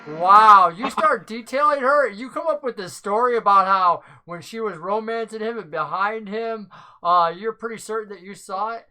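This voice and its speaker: Bright lady running a tabletop game, chatty and lively. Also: mid-range voice, moderate pace, low-quality recording. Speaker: game master.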